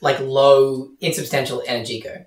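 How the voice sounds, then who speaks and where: A man's voice: mid-range voice, little pitch movement, moderate pace. A man co-hosting a podcast in casual chat, playful and argumentative. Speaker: podcast co-host. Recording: echoey room from a distance.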